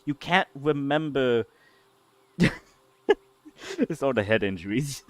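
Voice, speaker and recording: A man's voice: medium pitch, lively intonation, takes it slowly, dry recording. A man narrating as game master, describing scenes while searching for words.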